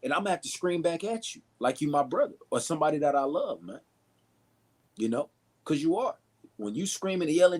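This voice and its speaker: Male street preacher, raspy and fairly high, repetitive and heated. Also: animated, fairly quick. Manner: acts out quoted shouts, repeats himself, says "you know" and "man" often. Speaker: fellow preacher.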